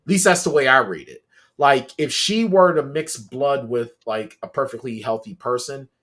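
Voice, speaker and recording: A man co-hosting a podcast in casual chat, retelling scenes with lively, animated storytelling. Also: medium pitch, moderate pace. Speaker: podcast co-host.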